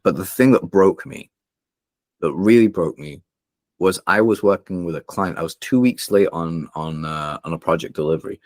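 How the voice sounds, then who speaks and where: A young man with a low voice, guesting on a podcast, tells candid personal stories at a moderate pace. He sounds earnest and emotional, with lots of fillers and restarts. The recording is dry and studio quality.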